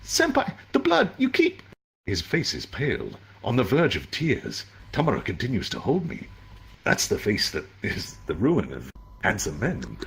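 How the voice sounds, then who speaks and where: Low gravelly guy reading a story out loud, voice swings all over, dry little asides. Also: huge pitch swings, moderate pace. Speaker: story reader.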